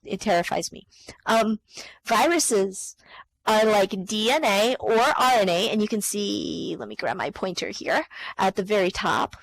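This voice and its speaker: A woman giving an online science lesson in a relaxed, conversational way. She fills gaps with ums, catches and corrects herself mid-sentence, and keeps talking straight to her students. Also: mid-range voice, dry recording, rough recording. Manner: chatty, many ums and self-corrections. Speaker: science teacher. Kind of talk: live online lecture.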